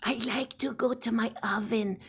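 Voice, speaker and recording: A man putting on a whimsical, dreamy young woman's voice in a singsong, deadpan absurd way. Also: very high-pitched, normal speed, husky, pitched above the performer's own voice, full character voice.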